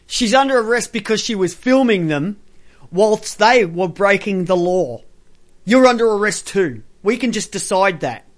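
A man's voice: high voice, animated, a little slow. A man doing reaction commentary, swearing with contempt and cheering on the clips he plays. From Australia. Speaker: commentary streamer.

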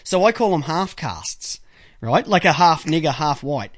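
Host: Australian man, high voice, crude rambling storyteller, loud bursts. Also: very animated, unhurried. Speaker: podcast host. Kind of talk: casual call-in show chat.

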